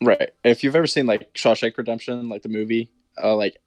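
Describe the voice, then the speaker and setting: A man's voice: mid-range voice, fairly even intonation, a little fast, crowd noise. A young man co-hosting a podcast, bantering in laid-back slang. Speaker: podcast co-host. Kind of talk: casual chat.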